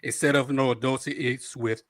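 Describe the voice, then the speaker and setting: Easygoing male panelist, mid-pitched. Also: steady tone, a little fast, a bit bright, dry recording, studio quality. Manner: easygoing, hesitant recommending with small laughs. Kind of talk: casual panel chat.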